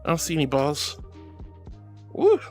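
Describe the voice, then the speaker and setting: A woman streaming as a VTuber, casually reading chat with bubbly, affectionate warmth, calling viewers sweetie and honey. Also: wildly swooping pitch, unhurried, soft background music. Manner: playful, swings between squeaky highs and low mutters.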